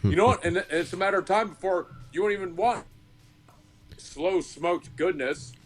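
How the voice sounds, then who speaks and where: A man who is drinking, ranting loudly and swearing nonstop as a regular guest on a podcast. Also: high voice, normal speed. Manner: loud, swearing nonstop, rambling. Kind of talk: profane comedic rant.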